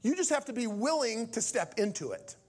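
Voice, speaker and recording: High voiced guy preaching, telling a story, acts out all the parts. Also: fairly quick. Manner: animated, acts out each character's lines. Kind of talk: storytelling sermon.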